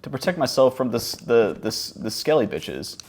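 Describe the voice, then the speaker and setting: A man's voice: mid-range voice, sing-song, normal speed, a little mellow. A man around thirty chatting casually over his gameplay, rambling and self-mocking, dropping to mumbles and jumping to yelps. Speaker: gaming vlogger.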